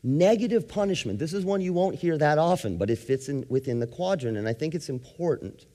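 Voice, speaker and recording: A man's voice: fairly high pitch, animated, fairly quick, dark tone. A man, a psychologist, giving a presentation to an audience, explaining ideas with everyday examples and asking the audience questions. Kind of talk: lecture to an audience. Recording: long hall reverb.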